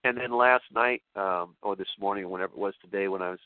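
A male talk show host in a rambling spoken monologue, excitable and emotional, often restarting his sentences. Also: low-pitched, fast, no room sound. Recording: tinny phone-line sound, dry.

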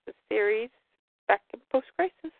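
A woman's voice: a little high, lively intonation, moderate pace, creaky, no echo. A woman co-hosting a casual podcast, retelling a comic book story and quoting the characters in lightly changed voices. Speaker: podcast co-host. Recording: dry, phone-like line.

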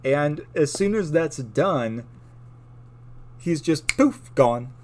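A man co-hosting a podcast, telling lore stories in a casual chat, animated and laughing often. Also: fairly high pitch, extremely slow, slight background noise. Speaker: podcast co-host.

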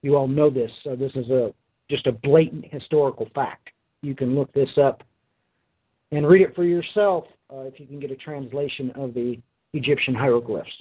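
A tired man reads scripture aloud, then explains it to his listeners with plenty of hesitant fillers. His voice is husky, and the recording is thin and tinny, like a phone line. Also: mid-range voice, normal speed. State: tired, yawning. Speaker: Bible teacher. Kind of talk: recorded Bible lesson.

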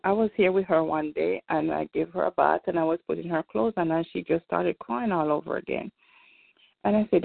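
Over a tinny phone line, a grandmother on a community call gives an earnest, emphatic testimony about her faith, told as a casual story. She speaks a little fast in a fairly low, gravelly voice, and the recording is dry.

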